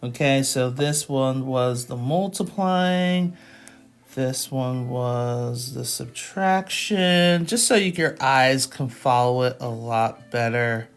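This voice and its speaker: A woman's voice: a bass voice, slow, clean tone. A woman teaching math in a casual, chatty way, telling stories, laughing often and saying "like" a lot. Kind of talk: casual lesson with storytelling.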